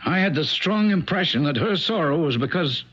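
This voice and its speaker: An actor playing a worried friend who stammers over bad news, in a 1970s radio drama. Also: male voice, fairly high pitch, lively intonation, moderate pace, a bit bright, husky. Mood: uneasy. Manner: hesitant, stammering. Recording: dull old radio broadcast.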